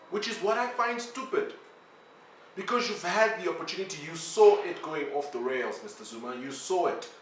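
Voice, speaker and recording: A man's voice: high-pitched, sharp tone, far from the mic, a little hiss or hum. A man from South Africa hosting his own vlog, ranting bluntly and swearing as he pleads with the people he calls out. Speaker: vlog host. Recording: echoey room, voice a little off-mic.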